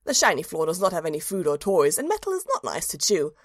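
A woman's voice: fairly low pitch, wildly swooping pitch, quick pace, dry recording, clean studio sound, voice pushed down. A woman narrating a storybook in the voice of a cheerful, simple-minded little dog, earnest and childlike.

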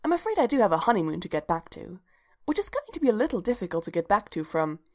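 A woman's voice: mid-range voice, sing-song, fast. A woman voicing a proper, bookish young woman archaeologist who speaks in a polite, formal and slightly fussy way, in a storybook reading. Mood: prim.

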